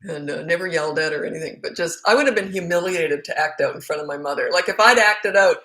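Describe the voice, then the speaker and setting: A middle-aged woman coaching parents in a relaxed question-and-answer session. Her voice sits a little low, and she speaks bluntly and frankly, often repeating a word to drive her point home. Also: fast. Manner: blunt, frank and emphatic, repeats words for stress. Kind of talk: casual Q&A answering viewer questions.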